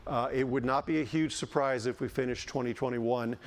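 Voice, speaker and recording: Animated man giving a conference keynote. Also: mid-range voice, fairly quick, slight background noise. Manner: animated, joking asides, frequent restarts. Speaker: keynote speaker, housing economist. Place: conference stage.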